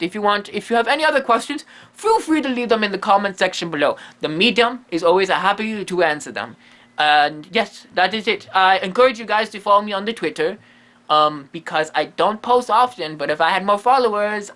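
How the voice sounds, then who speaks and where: A man's voice: high-pitched, animated, fairly quick, sharp tone. A man playing a quirky, lonely, self-amused male ghost medium who talks in broken English, drops his articles and rambles in a comedy monologue. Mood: goofy. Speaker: comedy vlogger in character.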